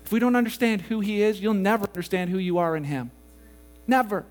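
A male pastor with a strikingly high voice, preaching a sermon. He talks in a loose, animated way and keeps slipping into little acted-out voices of the people he describes. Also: fairly quick. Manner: animated, acts out quoted voices.

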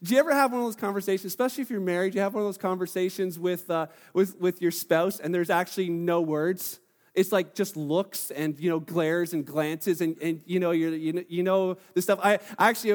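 A man preaching a sermon as pastor, telling stories in a lively way and acting out the voices of the people in them. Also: high-pitched, fast talker, in a large hall. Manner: animated storytelling, acting out quoted voices. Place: church hall.

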